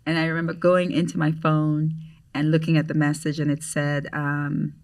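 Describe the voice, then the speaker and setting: A middle-aged woman from Grenada with a Grenadian accent, a podcast guest telling a story in an animated way and acting out the voices she quotes. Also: low voice, moderate pace, recorded from a distance. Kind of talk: storytelling in conversation.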